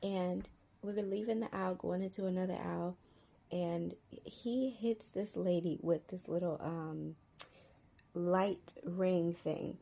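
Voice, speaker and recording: Chatty mom with a low gravelly voice. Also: female voice, steady tone, slow pace, mellow. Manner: chatty, laughs easily, repeats key points. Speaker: parent sharing advice. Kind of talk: casual storytelling vlog. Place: at home near a humming fridge. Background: faint fridge hum.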